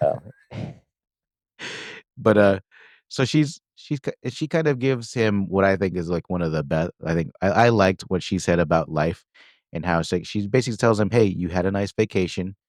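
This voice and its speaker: At normal speed and with a low, slightly mellow voice, the podcast co-host casually walks through a movie's plot, peppering it with fillers and quoted lines. There's no room sound, and the quality is studio-grade.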